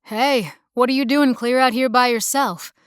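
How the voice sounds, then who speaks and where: A woman's voice: fairly high pitch, fairly even intonation, normal speed, clean tone, no room sound, studio quality, natural voice. A woman voicing a friendly young small-town male mechanic with a slight country drawl, easygoing and folksy.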